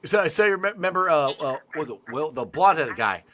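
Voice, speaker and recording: Excitable, stammering male livestream host. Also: a little high, fast. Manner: excitable, stammering, laughs a lot. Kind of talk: casual sports chat on a livestream. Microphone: video call.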